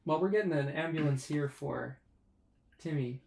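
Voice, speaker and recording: A performer in an improvised comedy sketch who rambles along in easygoing slang. The pitch stays in an ordinary middle range. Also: normal speed, vocal fry, dark tone. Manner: loose, rambling, casual slang.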